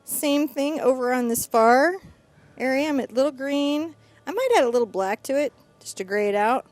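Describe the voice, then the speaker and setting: A woman's voice: sits high, moderate pace, a little mellow, dry recording, soft background music. A middle-aged woman teaching a live painting class, chatty and upbeat as she narrates each brushstroke. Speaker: painting instructor.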